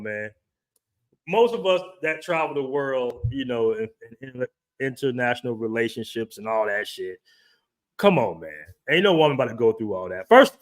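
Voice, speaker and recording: A man hosting a livestream and reacting in loose, animated commentary, often repeating himself. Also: medium pitch. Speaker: livestream host.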